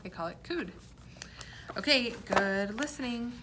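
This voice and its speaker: A woman teacher reading a poem aloud to young children and explaining words in a clear, encouraging way. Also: a little high, animated, a little slow, noisy background.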